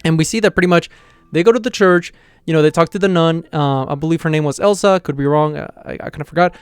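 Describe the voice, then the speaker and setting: A man with a slightly higher voice races through a casual anime episode recap, leaning heavily on "you know" and "like". His voice comes across smooth and clean. The recording is dry and close, with no room sound. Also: fast talker, no echo. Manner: stumbles and restarts on words. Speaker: anime reviewer, channel host. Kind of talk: casual episode reaction review.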